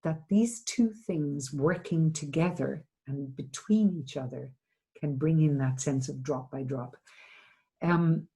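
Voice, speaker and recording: Low, gravelly-voiced woman therapist. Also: slow pace, poor audio. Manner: gentle, reflective, with hesitant restarts. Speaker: trauma therapist giving a seminar. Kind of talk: seminar talk, answering a question.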